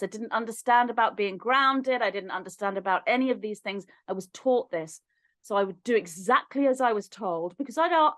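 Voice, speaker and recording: A woman as a podcast guest, telling a personal story in an animated way and acting out remembered dialogue. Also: a little high, no room sound. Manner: animated, acts out remembered dialogue with lively shifts in voice.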